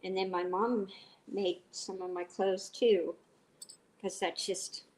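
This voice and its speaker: A middle-aged woman talks at an unhurried pace as she cooks on a live stream. She chats warmly with her viewers and wanders off into long stories. Her nose sounds a bit stuffy. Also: mid-range voice, fairly even intonation. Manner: chatty, greets viewers by name, rambling stories. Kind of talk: casual chat while cooking.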